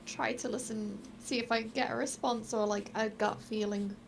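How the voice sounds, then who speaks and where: A woman's voice: a little high, fairly even intonation, normal speed, gravelly, background noise. A woman playing a tabletop game who describes her character's actions thoughtfully and hesitantly. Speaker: player.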